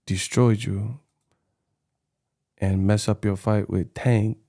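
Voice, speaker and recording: An earnest foreign boxer offers an awkward apology in a low, subdued voice, as a man mimics him. He speaks slowly in broken phrases, pausing on long ums. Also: little pitch movement, creaky, warm tone. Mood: deadpan apology.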